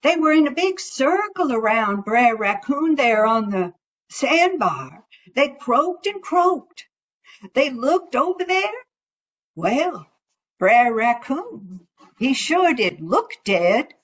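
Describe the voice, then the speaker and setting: A woman storyteller spinning a folktale in an unhurried, folksy drawl. Her voice sits fairly high, and she takes her time. The recording sounds dull and lo-fi. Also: big pitch swings, breathy edge.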